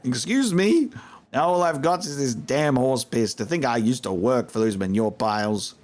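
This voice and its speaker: A man's voice: medium pitch, brisk, darkish tone, lightly acted. A man voicing a bitter, tipsy male innkeeper who rambles and grumbles, chuckling as he talks. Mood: aggrieved. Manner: rambling, aggrieved, chuckling mid-sentence.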